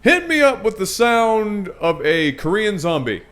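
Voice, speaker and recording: A man's voice: high voice, very animated, unhurried, fairly bright tone. A man casting a video game match in a casual, joking, irreverent way, swearing now and then. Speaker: game commentator. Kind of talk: casual esports commentary.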